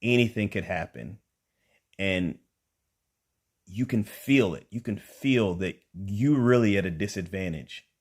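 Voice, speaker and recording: A young man telling a stand-up comedy story, animated, acting out the people in it. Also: fairly low pitch, slow. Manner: animated, acts out quotes with rising emphasis.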